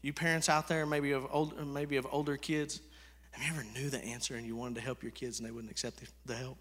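A pastor preaching a sermon in a conversational way, swinging from hushed to loud. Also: male voice, medium pitch, flat delivery, quick pace. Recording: echoey hall reverb.

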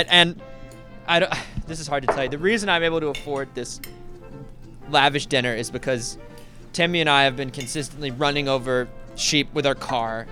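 An actor playing a sleazy, blustering middle-aged husband who stammers, rambles and swears in a comedy audio sketch. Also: male voice, medium pitch, pushed and bright, lightly acted.

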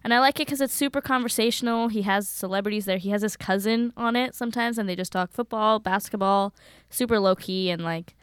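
A woman producer chatting casually in a podcast studio, upbeat and quick. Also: medium pitch, clear, resonant tone, dry recording. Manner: upbeat, quick with short interjections.

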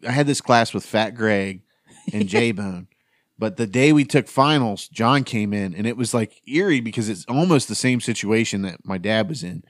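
A man's voice: lowish voice, moderate pace, no echo, clean studio sound. A man in his thirties hosting a podcast, telling a long school story among friends, swearing freely and acting out the voices of the people in it. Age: 30s. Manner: profane, animated storyteller acting out quotes. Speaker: podcast host.

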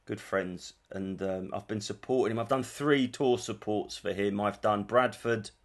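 A man in his forties from England, a comedian talking casually and telling rambling stories with plenty of swearing and self-corrections. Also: on the low side. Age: 40s. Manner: chatty storyteller, swears freely, quick asides and self-corrections. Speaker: comedian and podcast host.

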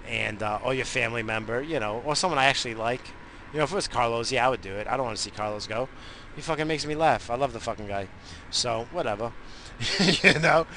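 A man rambling in a profane, easily distracted casual monologue while high. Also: sharp tone, slight background noise.

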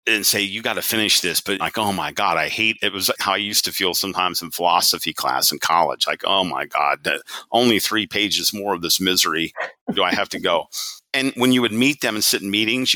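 Brief: very deep male guest, bright edge, emphatic anecdotes, dry close mic. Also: no echo. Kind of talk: interview storytelling.

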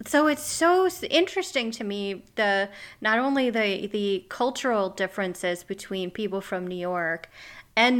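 A Midwest-raised woman in North Carolina co-hosts a casual chat, her mid-range voice a little bright. She's chatty and muses aloud, hedging her thoughts with phrases like "I'm assuming."

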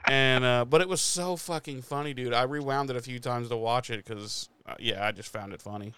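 A man with a middle-pitched, smooth voice, recorded close and dry. He chats casually about a TV show, swears often, and slips into the characters' lines as he retells scenes. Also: steady tone, fairly quick, sharp tone, no echo. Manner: profane, laughing, acts out lines from the show. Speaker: podcast co-host. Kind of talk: casual chat recapping a TV episode.

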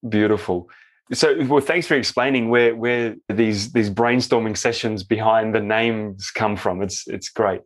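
A man hosting a casual interview and reacting with quick, enthusiastic praise. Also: fairly low pitch. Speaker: host.

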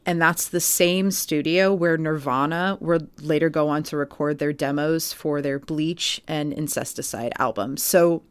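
A woman with a notably low voice tells a story on a podcast in a relaxed, chatty way, full of "like" and "um". The sound is close and dry, with no room around it. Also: a little slow, hardly any pauses, smooth, no room sound. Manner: chatty storytelling with many fillers. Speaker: podcast co-host. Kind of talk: casual podcast chat.

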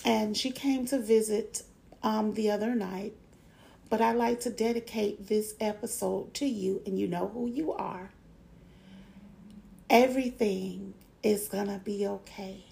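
A middle-aged woman hosting a motivational podcast, encouraging listeners and slowly repeating affirmations. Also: mid-range voice, steady tone, vocal fry, warm tone. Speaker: podcast host.

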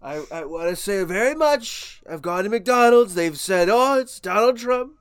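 A man's voice: high voice, animated, normal speed, smooth. A man doing an impression of a boastful male politician who talks in a self-important, bragging way.

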